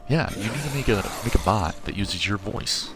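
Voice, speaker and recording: Deep-voiced streamer chatting mid-game. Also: male voice, animated, normal speed. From Missouri, USA. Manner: rambling, self-interrupting, chatty with viewers. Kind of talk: casual chat while gaming. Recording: game music and gunfire behind.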